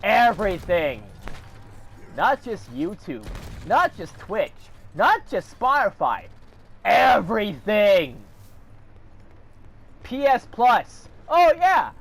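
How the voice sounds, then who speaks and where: A man's voice: high-pitched, very animated, slow, gravelly, pauses often, fairly bright tone, breathy edge. A man delivering a heated, profane rant to camera, swearing often and throwing in sarcastic asides. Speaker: vlogger.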